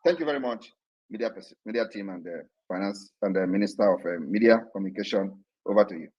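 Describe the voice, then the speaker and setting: A man with a Nigerian accent giving an impassioned, defiant political address to followers online, repeating his points forcefully. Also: fairly low pitch, fast talker, husky, lo-fi sound. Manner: fiery, defiant, repetitive.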